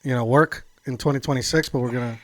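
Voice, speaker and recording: A man's voice: medium pitch, steady tone, quick pace, no echo. A man co-hosting a podcast, talking in an upbeat, emphatic way. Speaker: podcast co-host. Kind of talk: casual chat.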